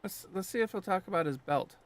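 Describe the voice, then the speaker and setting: A man streaming a game, thinking aloud in an unhurried, musing way. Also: high-pitched, expressive, a little hiss or hum. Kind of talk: casual let's-play commentary.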